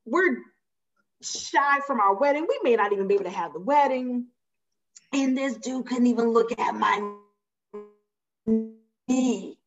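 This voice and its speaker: Woman, casual podcast storyteller, lively, playful, lo-fi sound. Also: on the high side, a little slow, pauses often, faint music behind. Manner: animated, acts out quotes, laughs often. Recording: slightly dull lo-fi sound.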